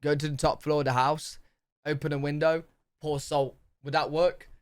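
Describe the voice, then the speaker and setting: A man hosting a reaction video, talking in slangy, excitable, rambling casual commentary. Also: fairly high pitch, normal speed, clear, resonant tone. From United Kingdom.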